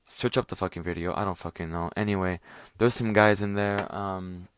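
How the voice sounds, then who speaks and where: A man's voice: low-pitched, steady tone, moderate pace, clear, resonant tone, no echo. A man hosting his own podcast, ranting casually with lots of swearing, fillers and restarts. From Italian family. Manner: profane, rambling, many fillers and restarts. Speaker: podcast host. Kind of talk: casual rant.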